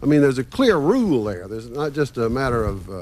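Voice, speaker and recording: A man's voice: medium pitch, very animated, fairly quick, a little mellow, a little hiss or hum. A man speaking as a panel guest, telling anecdotes in a hesitant way with frequent fillers. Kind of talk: panel discussion.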